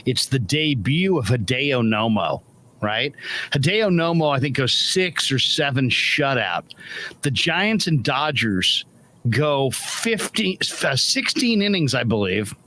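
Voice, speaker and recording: A man hosting a casual post-game chat show, an animated storyteller who also reads viewer comments aloud. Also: mid-range voice, slow. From Northern California. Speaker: show host.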